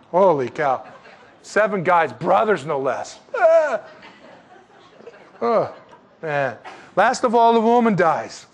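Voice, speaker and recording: Man preaching, lively swooping pitch, high voice, joking asides, middle-aged. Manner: animated, jokey, exclaiming asides. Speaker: pastor. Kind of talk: sermon.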